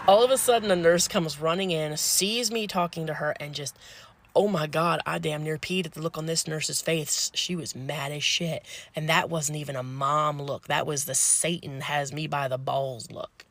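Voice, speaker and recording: A woman who works as a home health aide telling a comic story, animated, blunt and salty. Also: low voice, moderate pace.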